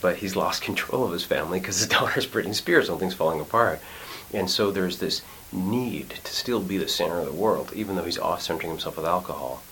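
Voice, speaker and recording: Deep, low middle-aged actor, animated interview storyteller; faint hiss. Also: male voice, fairly quick, few pauses, low-quality recording. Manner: animated, acts out quotes, lots of restarts. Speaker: actor and acting teacher. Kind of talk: casual interview conversation. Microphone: studio mic.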